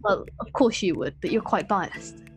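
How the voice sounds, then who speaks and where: A woman's voice: mid-range voice, normal speed, faint music behind. A woman co-hosting a podcast with dry, teasing banter. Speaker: podcast co-host.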